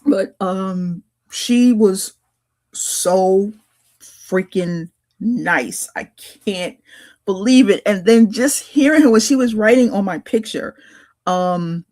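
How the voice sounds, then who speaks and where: A woman co-hosting a podcast tells a story in casual chat, her voice medium-pitched, slow and a little mellow. She rambles and hesitates, with many fillers and restarts.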